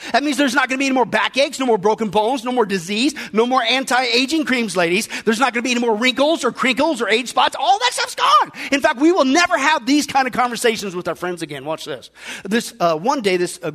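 A man preaching a sermon as pastor, lively and joking, often calling out to the congregation. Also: very high voice. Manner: energetic preaching with jokes, frequent "listen" and "folks". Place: church.

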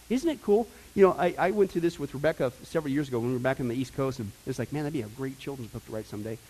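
A middle-aged pastor preaching a casual, energetic sermon, moving from quiet asides to loud emphasis. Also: male voice, mid-range voice, rapid-fire, few pauses, slightly rough, rough recording. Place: church sanctuary.

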